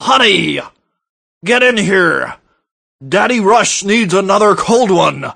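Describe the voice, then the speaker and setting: Pompous older male pundit, slow smug drawl, as a man parodies him. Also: sits high, animated, gravelly, bright, forceful tone, heavily acted.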